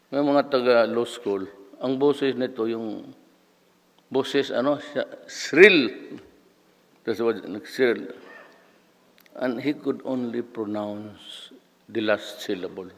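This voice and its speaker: A man in his seventies with a Filipino accent giving a humorous, rambling commencement speech full of anecdotes. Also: mid-range voice. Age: 70s. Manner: rambling, anecdotal, switching between languages. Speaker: commencement speaker. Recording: long reverb of a large hall.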